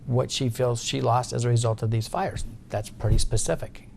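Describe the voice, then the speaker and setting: A man's voice: mid-range voice, steady tone, normal speed, vocal fry, a little mellow, slight background noise. A middle-aged man giving deposition testimony, guarded and insistent, often restarting his sentences. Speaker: witness in a legal deposition.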